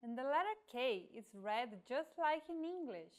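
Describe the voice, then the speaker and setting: A woman's voice: high voice, very animated, normal speed, few pauses. A woman narrating a scripted language lesson, carefully demonstrating example words one at a time. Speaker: language teacher.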